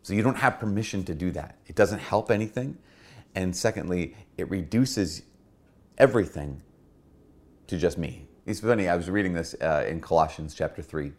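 A man's voice: sits low, normal speed, a little mellow. A middle-aged man, a Catholic priest, giving an earnest spoken reflection and repeating key phrases for emphasis. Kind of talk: spoken homily-style reflection.

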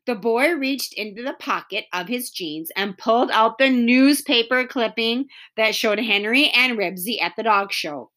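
A woman reading a children's book aloud with expressive storytelling. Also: a little high, unhurried, hardly any pauses. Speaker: narrator.

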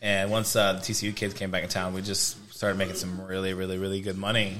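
A young man chatting casually in a relaxed, rambling way, swearing now and then. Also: deep voice, fast talker. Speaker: guest, bartender. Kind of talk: casual chat.

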